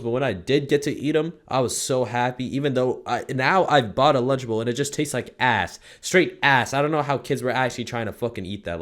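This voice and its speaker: Young man, casual rant, middle pitch, profane slang, rambling, loud bursts and mutters. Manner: swings between loud outbursts and low mutters. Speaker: commentary streamer.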